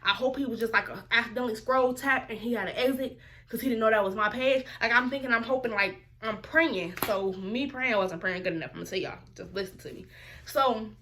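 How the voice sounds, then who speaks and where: A woman's voice: fairly high pitch, a little fast, bright, forceful tone. A woman, telling a story in a casual vlog and mimicking other people's voices as she quotes them. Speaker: vlogger.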